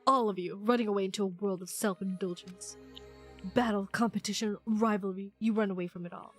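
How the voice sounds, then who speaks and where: Woman doing a cold rich young man, lowered clipped voice, sneering, faint music behind. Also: fairly even intonation, a little fast, lightly acted. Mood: haughty. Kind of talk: reading game dialogue aloud.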